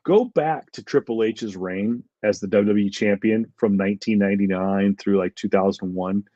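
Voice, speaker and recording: Podcast co-host, man, low voice, rambling opinions, dull lo-fi dry recording. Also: moderate pace, dark tone, no echo. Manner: rambling, heated wrestling opinions with frequent fillers. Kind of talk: casual chat.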